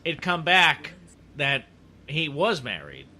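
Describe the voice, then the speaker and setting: Male podcast co-host, very bright and slightly high voice, rambling recaps. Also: wildly swooping pitch. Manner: rambling, quick to laugh, restarts sentences. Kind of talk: casual chat.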